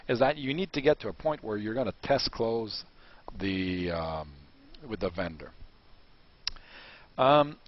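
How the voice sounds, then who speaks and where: Husky guy coaching on negotiating, lively up-and-down voice, acts out bits. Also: medium pitch. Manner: animated, acts out dialogues. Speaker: business coach. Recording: dull lo-fi recording.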